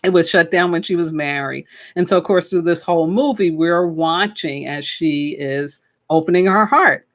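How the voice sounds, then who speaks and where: A woman's voice: on the low side, moderate pace, hardly any pauses, a bit bright. A woman hosting a spiritual talk show, chatting casually and enthusiastically about films, with frequent fillers. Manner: enthusiastic, chatty, with many fillers and "you know". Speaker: podcast host and spiritual teacher. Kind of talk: casual spoken film commentary.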